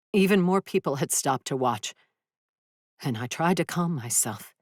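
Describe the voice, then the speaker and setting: A woman's voice: deep voice, no room sound, studio quality. A woman narrating a first-person audiobook, who acts out furious dialogue with rising intensity. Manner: dramatic, voices furious dialogue with raised intensity.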